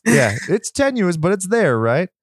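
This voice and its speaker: A man co-hosting a casual movie review chat, swearing freely and joking in animated asides. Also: high voice, measured pace, slightly rough, no echo, clean studio sound. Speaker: podcast co-host.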